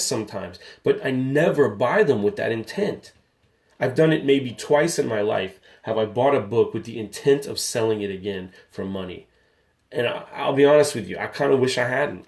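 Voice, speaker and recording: Gravelly-voiced man in his thirties, ranting. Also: mid-range voice. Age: 30s. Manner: candid, rambling, gets riled up. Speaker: comic book collector and channel host. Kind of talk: casual spoken vlog.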